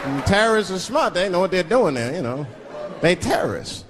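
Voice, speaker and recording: A man's voice: high-pitched, very animated, brisk, some chatter behind. A male stand-up comedian telling loose stories on stage, breaking into voiced asides. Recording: live stage with loud audience laughter.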